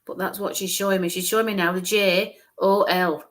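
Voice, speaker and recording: A woman's voice: mid-range voice, steady tone, a little fast, fairly bright tone. A woman medium giving a live-streamed psychic reading, musing aloud, hesitant, repeating sounds and letters.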